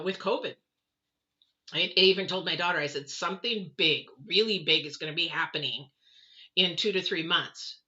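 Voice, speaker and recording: A woman's voice: fairly low pitch, bright, forceful tone, highs cut off. A middle-aged woman giving a casual live tarot reading, chatty and rambling with self-deprecating asides. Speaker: tarot reader.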